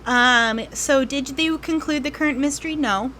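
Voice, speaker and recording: A woman game master narrating a tabletop role-playing game, telling the story unhurriedly with frequent ums and pauses. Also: high-pitched, bright, forceful tone, a little hiss or hum.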